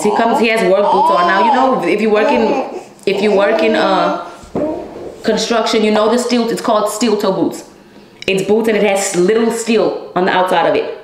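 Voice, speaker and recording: Blunt swearing woman telling a story. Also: on the low side. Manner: blunt, heavy swearing, addresses viewers as y'all. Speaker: storyteller vlogger. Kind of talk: casual storytime monologue. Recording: echoey room.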